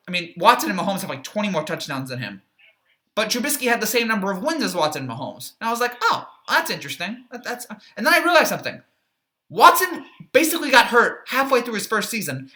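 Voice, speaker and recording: A man with a bright, forward voice delivers a casual football reaction monologue. He wanders through his points with plenty of "uh"s and restarts, sharing blunt opinions with a dry, sarcastic edge. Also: sits high. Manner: rambling, chatty, frequent fillers and restarts. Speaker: sports reaction YouTuber.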